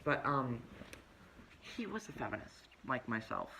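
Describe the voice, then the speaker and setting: A man's voice: mid-range voice, a little slow, a little hiss or hum, exaggerated voice, rough recording. A man playing a self-righteous, preachy young woman who tells her story in a pompous, lecturing comedic monologue. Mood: indignant. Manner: pompous, lecturing, deadpan self-important delivery.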